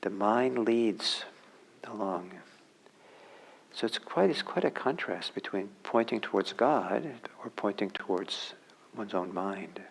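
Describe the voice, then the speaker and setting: A man teaching meditation in a slow, unhurried dharma talk. His voice sits low and he pauses often, restarting phrases and filling gaps with soft hesitations. Key words sink into a hushed near-whisper. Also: animated, creaky, slight background noise, poor audio. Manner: halting, reflective, many fillers and restarts. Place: meditation center hall.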